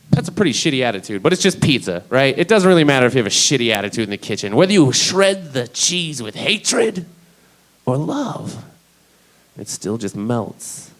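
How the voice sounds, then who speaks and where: Man, stand-up comedian, rambling, swearing, medium pitch. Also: poor audio. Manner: rambling, profane, conversational.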